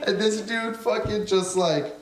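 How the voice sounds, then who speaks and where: A young man with a high voice speaks slowly through a stand-up comedy set. He tells stories animatedly, swears a lot, and acts out the characters. The room is echoey, with a live audience audible in the background.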